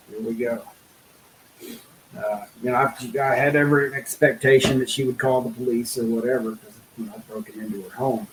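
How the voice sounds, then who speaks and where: A middle-aged man speaking as a guest in an interview, telling a personal story in an earnest, halting way, full of fillers and restarts. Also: medium pitch, darkish tone, echoey room, a little hiss or hum, low-quality recording.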